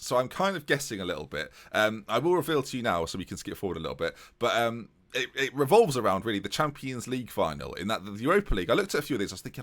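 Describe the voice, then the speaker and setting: A young man giving casual, animated, self-mocking commentary while playing a football management game. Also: on the low side. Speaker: gaming YouTuber.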